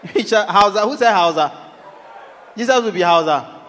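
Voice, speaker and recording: A man's voice: high-pitched, lively intonation, unhurried, pauses often, fairly bright tone, long reverb tail, a little hiss or hum. A man with a Ghanaian English accent performing stand-up comedy, working the crowd playfully before a live audience. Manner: crowd-working, playful, switches between English and local phrases.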